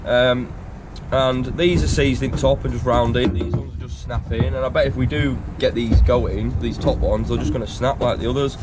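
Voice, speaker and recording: A man's voice: medium pitch, fairly even intonation, normal speed, few pauses, noisy background. A man working as a truck mechanic, talking casually to camera with exasperated, sweary muttering as he works outdoors. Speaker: self-employed truck mechanic.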